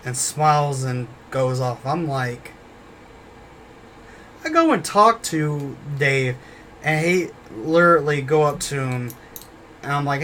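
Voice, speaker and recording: A man's voice: on the high side, animated, slow, long pauses, fairly bright tone, a little hiss or hum. A man telling a casual story about a former job, rambling and swearing often, repeating himself as he goes. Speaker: former store worker.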